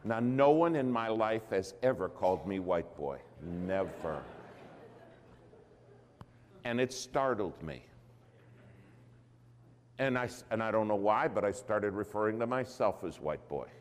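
A male preacher telling a story in a sermon, in an animated, dramatic way. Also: on the low side, measured pace, pauses often, in a large hall, a little hiss or hum.

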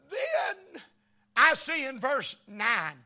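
Bright-voiced Tennessee preacher with a drawl. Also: male voice, very high-pitched. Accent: Tennessee Southern US. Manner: folksy drawl, building to loud shouted peaks. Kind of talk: sermon.

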